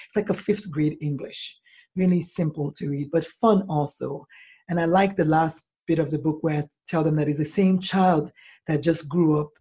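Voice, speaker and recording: A woman author answering interview questions, animated and acting out bits of dialogue as she talks. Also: deep voice, breathy edge. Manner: animated, acts out dialogue in lively voices. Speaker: author guest.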